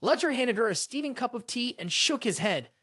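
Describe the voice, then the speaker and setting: A man's voice: extremely high pitch, very animated, a little fast, fairly bright tone, no room sound, studio quality. A man narrating a story recap in a scripted reading style, voicing the characters' lines in his own narrating voice. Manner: reads every character's lines in the same narrating voice.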